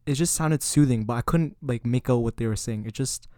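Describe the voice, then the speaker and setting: A man's voice: mid-range voice, a little fast, mellow, dry recording. Chatty young man, dry close sound. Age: young adult. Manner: chatty, leans on filler "like". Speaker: student podcast co-host. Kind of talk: casual chat. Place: student residence room.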